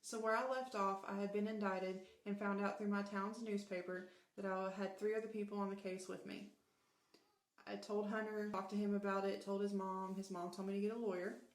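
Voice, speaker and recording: A woman tells her own story in the first person, as a former corrections officer looking back. She retells events and quoted dialogue matter-of-factly, her pitch staying fairly level. Her voice sits mid-range for a woman. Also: flat delivery, normal speed.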